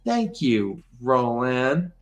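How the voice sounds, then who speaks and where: A man's voice: medium pitch, big pitch swings, drawn-out words, soft background music, pitched below the performer's own voice. A man voicing a captive noblewoman who gushes in an exaggerated, swooning way. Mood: mock gushing. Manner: exaggerated gushing, breathy swooning. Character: captive noblewoman, mockingly gushing.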